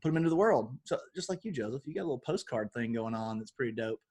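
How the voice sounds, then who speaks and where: A man in his thirties from Alabama with a Southern twang, an animated, self-deprecating guest chatting about games and whiskey. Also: mid-range voice, very fast, husky. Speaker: guest, game designer. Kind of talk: casual chat.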